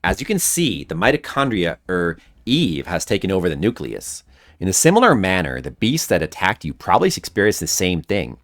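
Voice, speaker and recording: A man putting on a nerdy, wordy scientist from a video game, who explains cells in an earnest, rapid rush. The voice sits higher and swings widely in pitch. It is recorded in a dry space with faint music underneath. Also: wildly swooping pitch, fairly bright tone, dry recording, exaggerated voice. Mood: explaining. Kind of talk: reading game dialogue aloud in voices.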